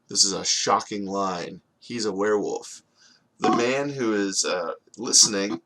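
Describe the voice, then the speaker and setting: An animation storyboard instructor teaches storyboarding in a casual screen-recorded tutorial. His voice is on the low side and slow-paced, relaxed and conversational, full of fillers and frequent check-ins of "okay?".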